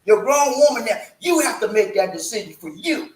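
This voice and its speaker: A man giving motivational relationship advice in a vlog, preachy and animated, asking his listeners questions and joking. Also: high-pitched, brisk, hardly any pauses, roomy sound, low-quality recording. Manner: preachy and animated, asks the audience questions and jokes. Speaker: relationship vlogger.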